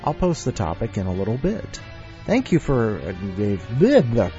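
Reading stories aloud on his podcast, a man fills the gaps with joking rambles. He speaks at medium pitch and a moderate pace, but his pitch swoops wildly, and the lo-fi recording sounds dull, with faint music.

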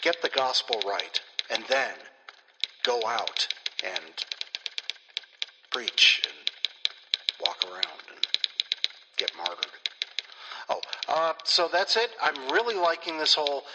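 A man's voice: medium pitch, sing-song, unhurried. A man hosting a weekly writing podcast, talking casually with wandering, self-deprecating asides. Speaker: podcast host. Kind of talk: casual, rambling podcast talk. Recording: long hall reverb, loud hiss. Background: typewriter loop.

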